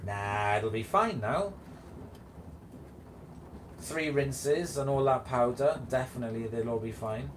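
A man's voice: mid-range voice, takes it slowly, pauses often, noisy background. A man hosting a live stream, chatting casually and giggling as he reads out viewer comments.

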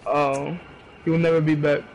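High-voiced young guy cracking jokes. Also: level tone, normal speed, a little mellow, a little hiss or hum, poor audio. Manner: joking, pun-making. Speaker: gaming friend. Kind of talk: casual gaming chat.

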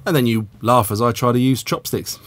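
A man's voice: medium pitch, moderate pace, no room sound. A man hosting a casual cooking demonstration, chatty and self-deprecating. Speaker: cooking show host.

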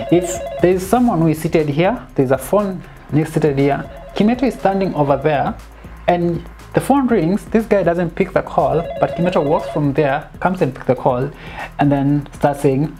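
A woman giving a casual, animated film critique, dropping in bits of Swahili slang and sounding exasperated. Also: sits low, moderate pace, over music. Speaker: film reviewer.

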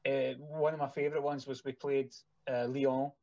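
A man's voice: mid-range voice, little pitch movement, normal speed, mellow, no echo. Scottish man telling stories, dry muffled sound. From Scotland. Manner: rambling storyteller with many fillers. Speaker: band manager. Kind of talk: casual podcast chat.

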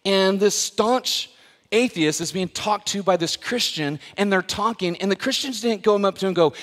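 High-voiced man preaching in a hall. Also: moderate pace. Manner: conversational, builds to loud emphatic preaching. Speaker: pastor. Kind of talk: sermon. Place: church sanctuary. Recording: long reverb of a church hall.

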